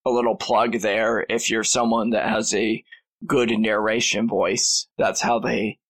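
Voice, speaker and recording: A man's voice: fairly low pitch, level tone, unhurried, a bit bright, rough recording. A man who is a priest and teacher, explaining a recommendation in a hesitant way with many fillers. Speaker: priest and high school teacher. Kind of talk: casual panel chat.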